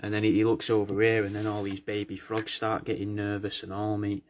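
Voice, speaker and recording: Man, lowish voice, rambling comic monologue, casual, swears, lots of restarts. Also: flat delivery, fairly quick, a little mellow. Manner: casual and rambling, many restarts, swears, keeps saying "mate". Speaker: comedy vlogger playing a taxidermist. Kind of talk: rambling comedic monologue to camera.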